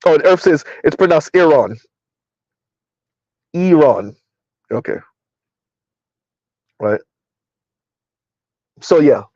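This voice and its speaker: A man's voice: a little high, lively intonation, slow, pauses often, darkish tone, no room sound. A middle-aged man hosting casual live-stream commentary, rambling with lots of fillers and laughs. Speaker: commentary channel host. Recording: dull, lo-fi dry recording.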